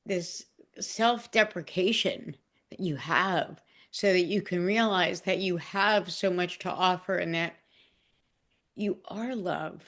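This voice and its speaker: A woman in a group discussion sharing personally, emotional and self-deprecating, stumbling and restarting often. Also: lowish voice. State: emotional, near tears. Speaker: group participant. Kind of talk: casual heartfelt sharing.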